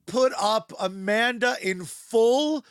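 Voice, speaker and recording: A man's voice: very high-pitched, slow, fairly bright tone, smooth, no echo, clean studio sound. A man co-hosting a podcast in a casual, joking way, with a sponsor read. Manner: loose, joking, fills with "uh". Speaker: podcast co-host.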